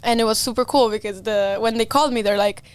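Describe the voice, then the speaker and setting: A woman with a fairly high voice chats as a podcast guest, telling stories with lots of energy. She acts out the other people in her stories. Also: fast talker. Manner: animated, laughs often, acts out quoted dialogue. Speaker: racing driver guest. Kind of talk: casual podcast storytelling.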